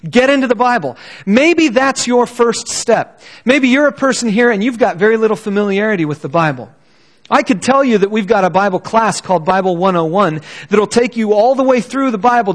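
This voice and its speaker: A middle-aged man preaching a sermon as pastor, speaking in an earnest, encouraging and conversational way. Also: sits high.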